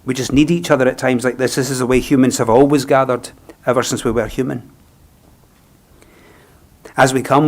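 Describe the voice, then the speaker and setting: Speaking at a funeral, a celebrant with a Scottish accent offers a eulogy in a soft, thoughtful, unhurried manner. He has a medium-pitched voice.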